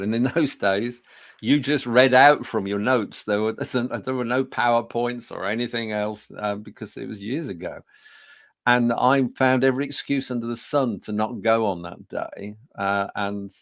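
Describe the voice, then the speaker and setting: A man's voice: fairly low pitch, no room sound, clean studio sound. A man, telling self-deprecating stories in a business talk, with frequent fillers and restarts. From Birmingham, England. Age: 60s. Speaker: public speaking trainer. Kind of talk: storytelling business talk to an audience.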